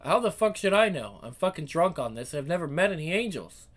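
A man's voice: on the high side, very animated, a little fast, voice pushed up. A man voicing a brash, blunt young lad who swears and fires off drunken questions, in a comic reading.

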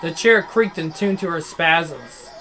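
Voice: mid-range voice, lively intonation, measured pace, bright, forceful tone. A reader narrating a horror visual novel aloud, dramatic and broken by nervous laughs.

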